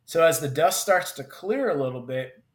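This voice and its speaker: A combat veteran telling a personal story in vivid, halting bursts with many restarts. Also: male voice, a little high, expressive. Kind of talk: personal story told in conversation. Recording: roomy echo.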